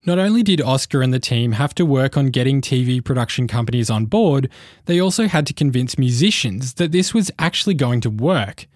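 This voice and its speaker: A man's voice: medium pitch, animated, brisk, dry recording, clean studio sound. Man narrating a podcast bridge. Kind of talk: scripted narration.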